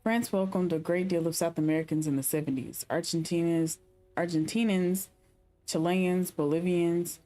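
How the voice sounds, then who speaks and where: Brief: a woman voicing a sad, guarded Argentine passenger, dry and frank, halting, over soft game music. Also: fairly low pitch, close to an everyday voice.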